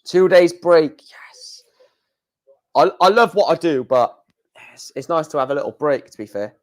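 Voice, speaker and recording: A man's voice: on the high side, lively intonation, normal speed. A man hosting a darts live stream, reading out scores in a chatty, exclamatory way with mild swearing.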